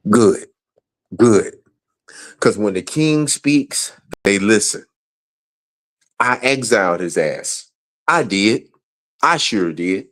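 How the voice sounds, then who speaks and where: A man's voice: on the low side, animated, takes it slowly, long pauses, a bit bright. A man angrily ranting on a livestream, profane and repeating himself. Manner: angry, profane, repetitive. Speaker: guest. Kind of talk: heated livestream rant.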